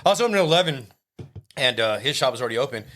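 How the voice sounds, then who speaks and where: A man who is a tattoo artist telling wild shop stories in a casual, profane, animated way. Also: mid-range voice, racing. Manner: profane, animated storyteller acting out voices. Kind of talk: casual storytelling.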